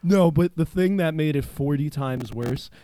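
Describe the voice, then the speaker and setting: A man's voice: a little high, measured pace, warm tone. A man from eastern Pennsylvania hosting a casual chat show, telling stories in a rambling, profane way with lots of filler words. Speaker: podcast host.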